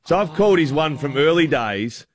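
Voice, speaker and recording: A man's voice: a little high, expressive, moderate pace. A man hosting breakfast radio, telling a story in a chatty, self-mocking way into a studio microphone. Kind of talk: casual on-air banter and storytelling.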